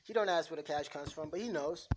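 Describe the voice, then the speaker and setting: A blunt, swearing mob boss lectures his crew, as a man reads the part aloud. The voice sits a little high for a man. A steady hiss runs under the recording. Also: fast talker, lightly acted. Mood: scornful. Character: hot-tempered profane male mob boss.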